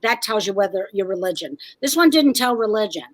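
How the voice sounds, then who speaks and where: In a relaxed interview, this woman, a comedian and writer hailing from New Jersey, tells dry, witty stories about her family with rapid-fire humor. Her mid-range voice is expressive, though the recording is rough.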